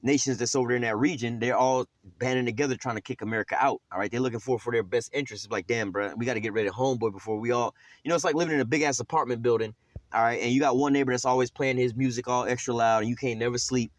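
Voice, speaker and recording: A man teaching scripture at a quick clip, loose and streetwise, heavy with slang and cursing. He trails off in fillers and restarts. The sound is dry and close. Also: medium pitch, steady tone, dry recording. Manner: streetwise, profane, rambling with many fillers.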